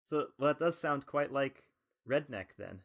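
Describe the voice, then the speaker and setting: A man's voice: medium pitch, animated, measured pace. A man co-hosting a podcast, teasing and playful in casual chat. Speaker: podcast co-host.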